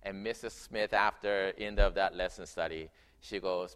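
A man preaching a sermon in a church, telling a story with animated swings between loud emphasis and quiet narration. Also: deep voice, a little slow, clear, resonant tone. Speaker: pastor. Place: church sanctuary.

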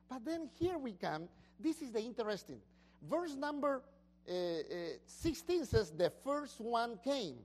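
A woman pastor preaching a sermon, questioning the congregation and shouting out the master's praise. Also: medium pitch, very animated, slow, pauses often, slightly rough.

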